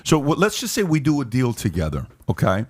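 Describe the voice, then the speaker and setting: A male podcast host argues his case, pushing back and cutting in on his guest. He repeats lines for emphasis and his voice sits in an ordinary middle pitch. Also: huge pitch swings, a little fast. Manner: pushy, interrupts, repeats points for emphasis. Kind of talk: debate on a podcast.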